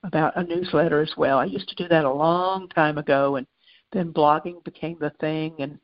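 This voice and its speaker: A woman's voice: deep voice, steady tone, moderate pace, muffled recording. A woman hosting a spiritual talk show, talking conversationally with many fillers and restarts. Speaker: host.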